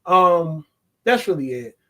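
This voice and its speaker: A man reviewing a movie in a casual, excitable vlog, swearing and laughing often. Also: a little high, slow.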